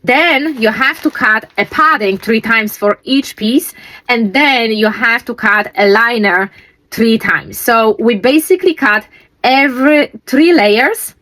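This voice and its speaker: A woman's voice: on the high side, takes it slowly, fairly bright tone. Chatty woman sewing vlogger. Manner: chatty, rambling, with fillers. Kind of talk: casual chat.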